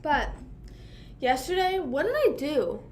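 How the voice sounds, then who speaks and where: Rambling young woman streamer, slightly high voice. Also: big pitch swings, slow, a little hiss or hum. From Pennsylvania. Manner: rambling, heavy use of "like" and "you know what I mean"; talking while chewing food. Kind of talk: casual livestream chat.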